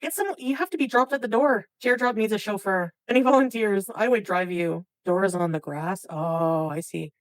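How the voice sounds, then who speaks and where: A woman's voice: medium pitch, normal speed, hardly any pauses, no echo, rough recording. A woman livestreaming, chatting casually with her viewers and often laughing. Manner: chatty, reacts to chat names, laughs often. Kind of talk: casual chat with live viewers.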